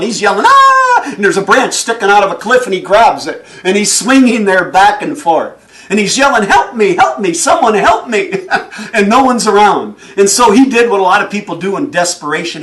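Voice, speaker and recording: A man giving a motivational speech, telling stories in an animated way and chuckling often. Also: sits high, far from the mic. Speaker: motivational speaker.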